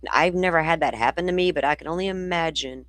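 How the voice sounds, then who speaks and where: A woman's voice: low voice, fast talker, fairly bright tone, no room sound. Opinionated woman hosting true crime talk. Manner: conversational, opinionated asides to viewers. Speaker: true crime podcast host. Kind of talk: casual commentary reading news reports aloud.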